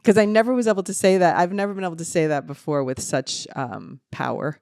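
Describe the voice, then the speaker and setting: A woman's voice: fairly low pitch, quick pace, clear, resonant tone, no room sound, studio quality. A middle-aged woman with a New Jersey accent, chatting emphatically as a podcast co-host. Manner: animated, emphatic, talks over others. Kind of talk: casual chat.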